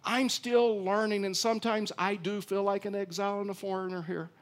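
A middle-aged Texan man preaching with a high, lively voice. He tells folksy stories and acts out the other people's lines with energy. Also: fairly quick. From Texas. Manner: folksy storytelling, animated acting-out of dialogue. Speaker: pastor. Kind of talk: sermon.

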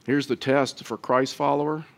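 Male pastor, mid-pitched voice, earnest sermon delivery with restarts. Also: fairly even intonation. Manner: earnest preaching, stumbling restarts, rises louder and quicker near the close.

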